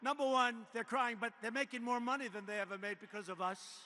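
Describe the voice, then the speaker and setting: A man in his seventies delivers a rambling, boastful campaign rally speech into a podium mic, his voice strained up very high with a bright, forceful edge. He repeats himself and keeps riffing off-script. The sound carries a long arena reverb over a faint hiss. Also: steady tone, fairly quick. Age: 70s. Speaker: politician addressing a rally. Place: large indoor arena.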